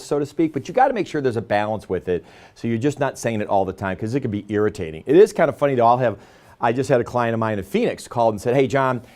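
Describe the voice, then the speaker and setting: A man talking to camera as a sales trainer, telling stories and acting out quoted lines in casual speech. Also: mid-range voice. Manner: fast, animated storytelling with quoted dialogue.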